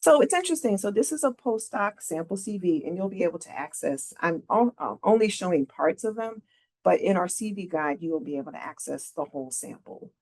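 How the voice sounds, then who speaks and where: A woman's voice: on the low side, lively intonation, a little fast, a little mellow. A middle-aged woman leading a careers workshop, walking through slides in a conversational way and often checking in with "right?". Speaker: career advisor presenting a workshop.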